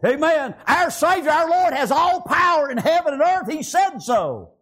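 A man preaching a fervent sermon, breaking into shouts and filling every pause with "praise God" and "amen". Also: extremely high pitch, very animated.

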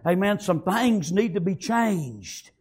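A man preaching a sermon, fervently repeating praise and amen and rising to shouts. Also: sits high, animated, takes it slowly, breathy edge.

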